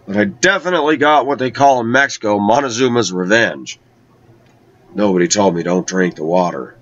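Low-voiced man telling a personal story. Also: expressive, a bit bright. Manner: conversational, with slow, drawn-out emphasis. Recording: dull lo-fi recording.

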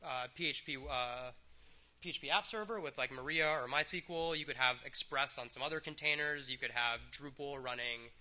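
A man presenting software at a developer conference, talking casually with lots of ums and wry asides. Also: mid-range voice, normal speed. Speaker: conference speaker.

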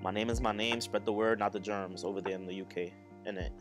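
A man's voice: fairly low pitch, steady tone, quick pace. A man streaming casually while he builds a model kit, joking crudely, laughing often and chatting to viewers. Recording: music playing underneath.

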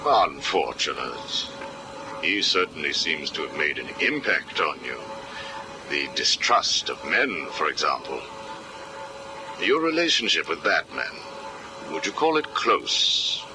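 Hugo Strange, a very deep, slow, menacing villain. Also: male voice, sing-song, heavily acted. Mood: menacing calm. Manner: slow, measured, coolly menacing interrogation. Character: cold calculating male villain psychiatrist, middle-aged. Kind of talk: video game cutscene acting. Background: background music.

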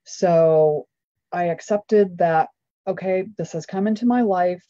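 Low-voiced woman, candid guest. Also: slow, dark tone, no echo, dull audio. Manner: candid, upbeat, laughs often. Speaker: guest, law of attraction trainer. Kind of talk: interview storytelling.

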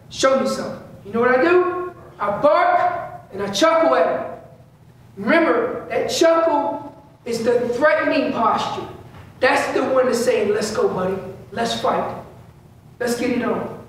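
This informal elk-calling seminar comes from a man with a very high, fairly bright voice standing in a large indoor store area. Picked up from a distance in an echoey room with a faint hum, he repeats key lines, imagines aloud what elk think, and talks in casual slang.

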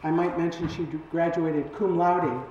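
Halting man introducing a speaker, far off-mic. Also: fairly high pitch, fairly even intonation, a little mellow, a little hiss or hum. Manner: halting, with many fillers. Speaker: event host introducing the speaker. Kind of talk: formal introduction. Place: large lecture hall. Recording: echoey, dull hall recording from off-mic.

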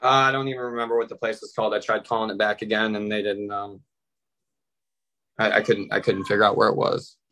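A man's voice: lowish voice, little pitch movement, quick pace, pushed and bright, dry recording, rough recording. A man appearing as a defendant over a video call, telling a long, meandering joke story full of fillers.

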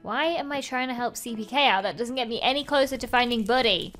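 A woman hosting a let's play, excitable and chatty with frequent gasps. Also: on the high side, fast, faint music behind. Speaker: gaming video host.

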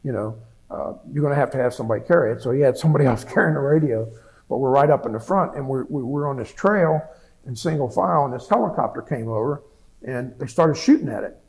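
A veteran in his seventies gives an oral history interview in a medium-pitched, a little mellow voice, talking fast and animatedly, though the audio is poor. He tells his story plainly, restarting often and repeating words.

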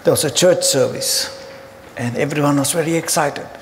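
A man preaching a sermon, telling humorous stories in an animated way. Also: a little high, normal speed. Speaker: pastor. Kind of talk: sermon storytelling. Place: church auditorium. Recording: hall reverb with faint ambient noise.

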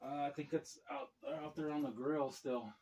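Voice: mid-range voice, fairly even intonation, moderate pace, far from the mic. Blunt speaker in a noisy home recording. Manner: short, blunt remarks.

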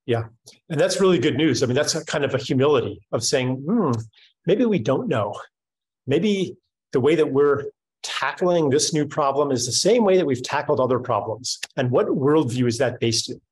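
Husky-voiced man musing in conversation. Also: mid-range voice, lively intonation, rough recording. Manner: thoughtful, halting, many restarts and fillers. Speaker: speaker in a panel conversation. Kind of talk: reflective casual conversation.

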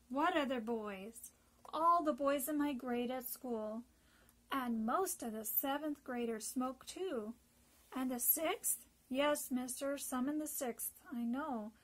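A woman's voice: high voice, slow pace, a bit bright, heavily acted. A woman voicing a thirteen-year-old boy who smokes. He answers in a plain, matter-of-fact way. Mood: frank.

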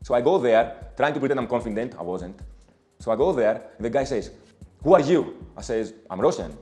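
A man's voice: medium pitch, expressive, fast talker, a little mellow, soft background music. A man from Greece, an English speaker, telling a story in an interview and vividly acting out the people he quotes. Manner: vivid, acts out quoted speech. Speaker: travel companion telling a story.

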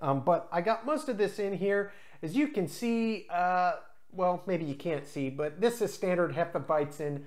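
A host reviews craft beer on his own channel in a mid-range voice, tasting and explaining each one. It's relaxed and unscripted, chatty, with lots of filler pauses.

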